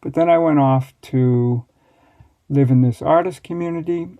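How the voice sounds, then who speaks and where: An American man in his sixties, a master baker, telling stories from his past in a relaxed, wry way as an interview guest. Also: fairly high pitch, normal speed. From United States. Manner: relaxed, reflective, wry storytelling. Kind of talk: storytelling interview answers.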